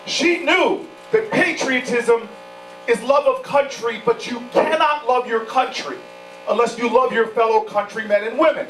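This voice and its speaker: Impassioned man giving a campaign speech. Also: very high voice. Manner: impassioned storytelling with repeated rhetorical phrases. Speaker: political candidate addressing supporters. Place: event venue indoors. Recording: echoey, distant, humming room recording.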